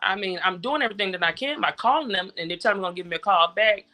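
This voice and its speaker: Bright-voiced tired woman recounting events. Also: medium pitch, racing. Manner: steady retelling, repeating exchanges. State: worn out, frustrated. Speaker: interview guest, grieving mother. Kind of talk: personal account in conversation.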